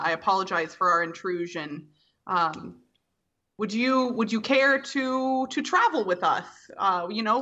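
A woman's voice: medium pitch, sharp tone. A woman voicing a friendly, easygoing female adventurer who talks in a chatty, hesitant way. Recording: lo-fi, dull.

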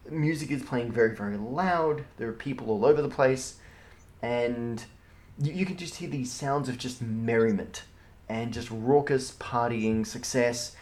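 A man's voice: mid-range voice, unhurried. Man rambling through game narration. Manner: relaxed, rambling narration with many fillers. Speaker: game master.

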